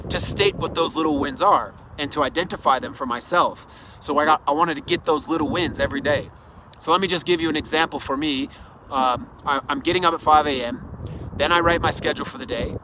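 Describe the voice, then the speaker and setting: Guy giving a pep talk outdoors, earnest and encouraging, bright voice with a little street noise behind. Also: a little high. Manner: earnest, encouraging, speaks straight to the listener. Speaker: self-development speaker. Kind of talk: motivational monologue.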